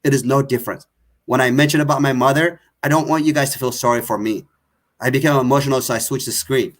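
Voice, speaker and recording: A man's voice: mid-range voice, steady tone, fast talker. A man speaks with raw, impassioned force on his online show. He repeats his points and accuses his listeners directly. His voice sits in an ordinary middle range. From Tigray. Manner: emotional, accusatory, repetitive. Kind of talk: impassioned political talk.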